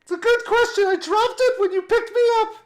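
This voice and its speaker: A woman's voice: very high voice, brisk. A woman playing a haughty, demanding living toy that talks indignantly and imperiously in a tabletop game.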